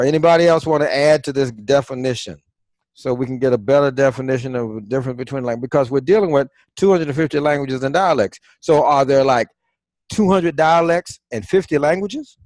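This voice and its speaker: A man's voice: mid-range voice, normal speed, a little mellow, no room sound. Man teaching over a dry call. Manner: quizzing, coaxing, conversational. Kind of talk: interactive online class.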